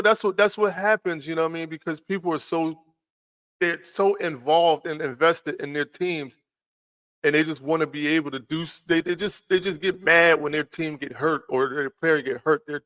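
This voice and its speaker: A man's voice: a little high, pushed and bright. A man hosting a casual live sports talk stream from home, rambling and repeating himself as he talks to his chat. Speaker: sports talk show host. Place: home room, lights just turned on.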